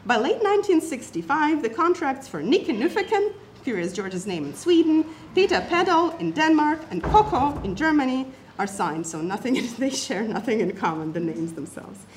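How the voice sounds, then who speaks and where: A woman's voice: high voice, sing-song, normal speed, hardly any pauses, slight background noise. A woman presenting an academic paper, reading it aloud and setting off quotations with emphasis and asides.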